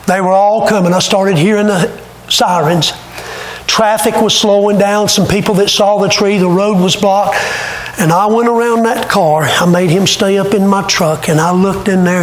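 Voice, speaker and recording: A pastor preaching a sermon, retelling a story dramatically and with emotion. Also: male voice, high-pitched, normal speed, echoey room, slight background noise, low-quality recording. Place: church sanctuary.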